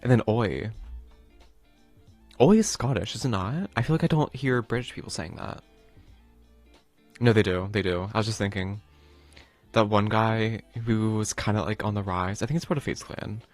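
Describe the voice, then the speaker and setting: A man's voice: fairly low pitch, moderate pace, pauses often, a little mellow, soft background music. A man streaming a video game, chatting casually in a rambling, playful way full of fillers, and reading the game text aloud.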